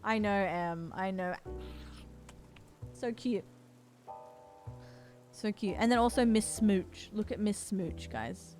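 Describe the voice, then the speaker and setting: A woman's voice: medium pitch, slow, pauses often, darkish tone, faint music behind. A woman streamer chatting casually with her viewers, gushing and cooing as she talks to them. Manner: gushing, cooing over cats, talking to chat. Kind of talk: casual live-stream chat.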